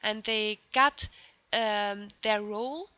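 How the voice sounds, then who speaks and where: A young woman giving a conference talk as a researcher, explaining her findings carefully and methodically with phrasing and pauses. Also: medium pitch, pushed and bright, clean tone, no echo. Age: young adult. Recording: dull lo-fi recording.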